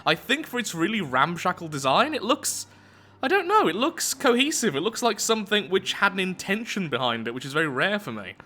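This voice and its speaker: Guy doing let's play commentary, bright voice, bouncy up and down, kinda joking at himself. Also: high voice, very animated, brisk. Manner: self-mocking, chatty, thinking aloud. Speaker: let's play gameplay host. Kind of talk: casual gameplay commentary.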